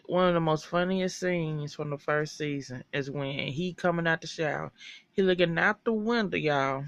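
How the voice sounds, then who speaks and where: Fan recapper for a TV show: gravelly, foul-mouthed and animated, on a dull lo-fi recording. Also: mid-range voice, moderate pace, no room sound. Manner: animated, profane, chatty storytelling. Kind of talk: casual episode recap.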